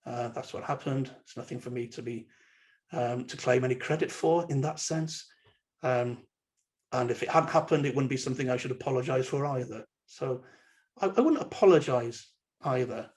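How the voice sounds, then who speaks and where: A man's voice: mid-range voice, normal speed, darkish tone. A man giving an online webinar lecture in a conversational way, with frequent fillers and restarts. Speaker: university lecturer.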